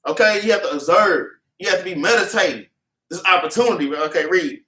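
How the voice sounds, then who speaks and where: Teaching a Bible class, a man speaks in a high, pushed, bright voice at a brisk clip. He preaches in fervent, repetitive street talk to a congregation gathered in a meeting room and has scripture read back to him. The sound is echoey, with the mic at a distance.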